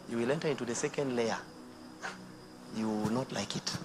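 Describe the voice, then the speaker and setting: A Kenyan man preaching a sermon to married women, swinging between hushed near-whispers and loud emphatic bursts, mixing Swahili phrases into his English. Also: mid-range voice, unhurried, pauses often. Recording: noisy outdoor recording with insects.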